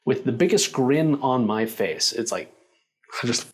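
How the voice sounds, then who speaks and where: A man casually telling a personal story, animated and full of fillers, laughing along as he goes. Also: mid-range voice, a little slow, slight background noise. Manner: animated, acts out quoted lines, filler-heavy.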